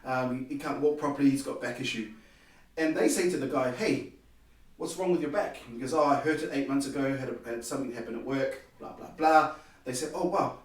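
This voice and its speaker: A man's voice: medium pitch, fairly quick. Man telling a story in an echoey room. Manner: animated, acts out quoted dialogue. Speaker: podcast guest. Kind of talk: personal storytelling. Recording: very echoey room, distant mic.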